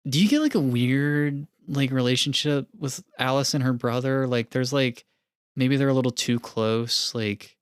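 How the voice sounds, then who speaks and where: Podcast co-host, man, mid-pitched, chatty and animated, laughs a lot, dry close-mic sound. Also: normal speed, smooth, no echo. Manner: animated, laughs often, lots of "like" and restarts. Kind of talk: casual film discussion.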